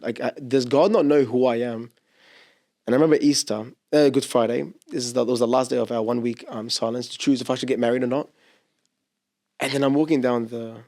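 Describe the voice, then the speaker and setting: Young man, gravelly voice, emotional and halting testimony on a podcast. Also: medium pitch, darkish tone. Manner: emotional, halting, with many restarts. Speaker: seminarian guest. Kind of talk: personal testimony in a podcast interview. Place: church podcast studio.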